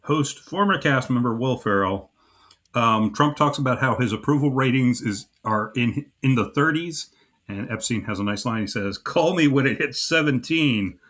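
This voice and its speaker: A man's voice: mid-range voice, moderate pace, fairly bright tone. A man co-hosting a comedy podcast, recapping sketches with dry, wry banter. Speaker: podcast co-host. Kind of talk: casual comedy podcast chat.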